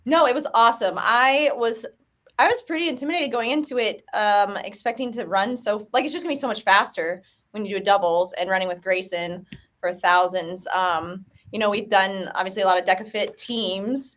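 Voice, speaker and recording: A woman's voice: mid-range voice, normal speed, a bit bright. A woman joining a podcast as a guest, chatting easily about her race. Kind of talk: casual chat.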